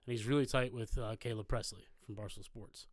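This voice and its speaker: On a live podcast, a co-host tells meandering, swear-heavy stories in easygoing chat, his lowish voice running a little fast with fairly even intonation. The studio sound is clean, with no room sound at all.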